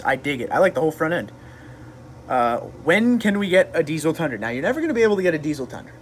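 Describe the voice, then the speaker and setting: A man's voice: a little high, a little hiss or hum. A man hosting a casual livestream, rambling in a laid-back way and answering chat. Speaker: livestream host.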